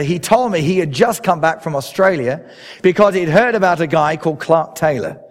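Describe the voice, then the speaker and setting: An English man preaching a sermon, driving his points home with rising emphasis. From England. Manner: emphatic preaching with swells in pitch and loudness. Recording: long hall reverb.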